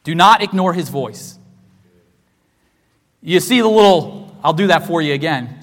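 A high-pitched male pastor delivers a sermon with emphatic repetition, dropping to near-hushed lines and then climbing to loud, raised declarations. His voice rings through a church sanctuary with a long, trailing hall reverb. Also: animated, a little slow, pauses often. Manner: emphatic preaching, repeats phrases, swings from hushed to loud.

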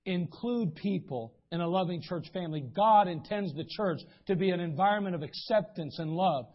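A man with a high, husky voice preaches to his congregation, spinning folksy stories and briefly acting out the people he quotes. The recording sounds dull and muffled. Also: moderate pace. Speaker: pastor. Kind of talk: sermon. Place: church sanctuary.

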